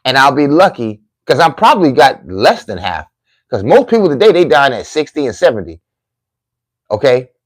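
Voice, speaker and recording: A man's voice: medium pitch, very animated, moderate pace, no echo. A middle-aged man giving a heartfelt, emphatic monologue to his viewers, repeating phrases like a sermon. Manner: preachy, emphatic, repetitive phrasing.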